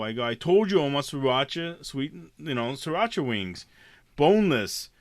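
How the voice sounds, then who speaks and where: A man with a bright, forceful voice tells a rambling story in casual chat. He swears freely and laughs a lot along the way. The recording is dry and close. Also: medium pitch, moderate pace, dry recording. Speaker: podcast co-host.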